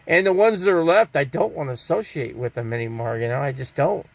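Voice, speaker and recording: Older male stream host, gravelly and slightly high, loose rambling delivery, answers chat. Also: fairly quick. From Scottsdale, Arizona. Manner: rambling, reads viewer chat aloud and answers it. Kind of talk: casual live-stream chat.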